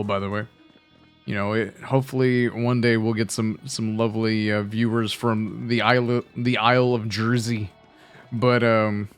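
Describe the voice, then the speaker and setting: A man's voice: mid-range voice, fairly bright tone. Chatty young man rambling over gameplay. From United States. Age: 20s. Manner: rambling, chatty, self-mocking. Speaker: gaming YouTuber. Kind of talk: casual let's-play commentary.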